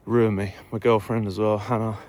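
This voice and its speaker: A man's voice: on the low side, level tone, moderate pace, a little mellow. A young man from Essex with an Essex English accent, talking casually and rambling to his vlog camera on an early morning walk outdoors, swearing freely. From Essex, England. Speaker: fitness vlogger.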